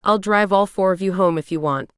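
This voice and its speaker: A woman voicing a friendly, easygoing young man who talks in a kind, relaxed way, in an audiobook reading. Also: mid-range voice, fairly quick, clear, resonant tone, dry recording, clean studio sound, natural voice.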